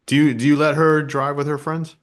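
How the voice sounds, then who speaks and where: A man's voice: fairly high pitch, level tone, a little fast. A man co-hosting a podcast, jumping in with short follow-up questions. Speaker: podcast co-host. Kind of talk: casual chat.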